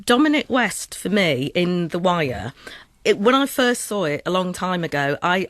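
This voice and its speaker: Northern English woman coach, lively explainer, lowish voice, dry studio mic. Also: no echo. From Northern England. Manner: animated, explanatory, mimics accents. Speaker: voice coach, guest. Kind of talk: radio interview.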